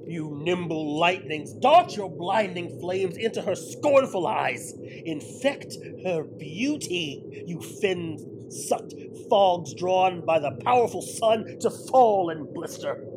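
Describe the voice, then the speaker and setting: A man's voice: high-pitched, lively intonation, takes it slowly, noisy background. An actor playing an aged, proud and grief-stricken king in an audio drama, swinging from bellowing rage to broken murmurs. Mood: cursing. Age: older.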